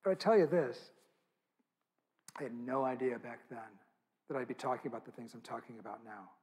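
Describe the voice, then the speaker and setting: A man's voice: medium pitch, a little fast, a little mellow, breathy edge. A man speaking at a church event, telling an intimate, earnest story with quoted dialogue.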